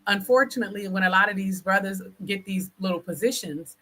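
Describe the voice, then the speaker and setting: A woman interviewer talking in a casual conversation, blunt and assertive, making her points deliberately. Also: mid-range voice, fairly bright tone, poor audio.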